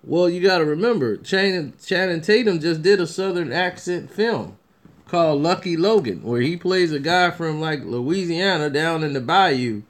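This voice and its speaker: Fairly high-pitched and animated, this man speaks at normal speed while giving casual commentary on upcoming movies for his review vlog. The talk rambles, with lots of false starts and filler words.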